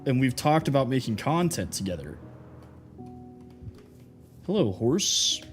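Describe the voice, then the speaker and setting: A man's voice: medium pitch, very animated, a little slow, loud music behind the voice. A man live-streaming a building game, chatting casually and teasing his viewers as he reads their messages. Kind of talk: casual gameplay live stream, reading chat.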